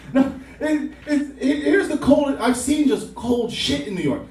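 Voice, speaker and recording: A man's voice: high voice, expressive, moderate pace, a crowd in the background. A young man doing a rambling, profane, self-mocking stand-up comedy set on a club stage. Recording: roomy club sound from a distance.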